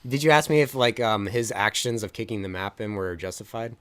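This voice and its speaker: On a film review podcast, a young male co-host talks fairly quickly in an animated, smooth voice on the low side. His casual, rambling scene retellings are packed with fillers and acted-out lines.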